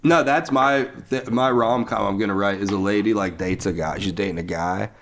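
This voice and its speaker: A man's voice: lowish voice, fairly quick. A young man in casual comedic banter, laughing often as he acts out a rambling story idea. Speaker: podcast co-host.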